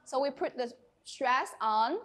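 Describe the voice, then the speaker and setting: A woman teaching an English class, speaking in a clear, encouraging and instructive way. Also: high voice, lively intonation, takes it slowly, noisy background.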